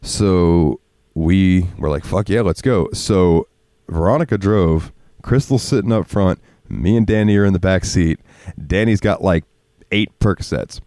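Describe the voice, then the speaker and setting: Man, very low voice, dry close mic; rambling, profane podcast storyteller who laughs often. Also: unhurried, dark tone, dry recording. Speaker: podcast co-host. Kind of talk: casual storytelling chat.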